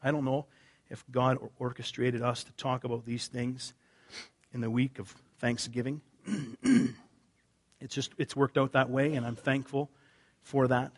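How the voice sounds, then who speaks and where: A male pastor giving an earnest, conversational sermon, dropping his voice low for emphasis. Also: level tone, unhurried.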